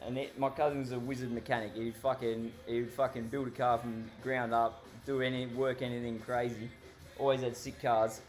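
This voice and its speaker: A man's voice: mid-range voice, level tone, normal speed, soft background music. An Australian man telling a story casually, rambling and swearing constantly, often laughing. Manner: heavily profane, rambling, laughs while telling.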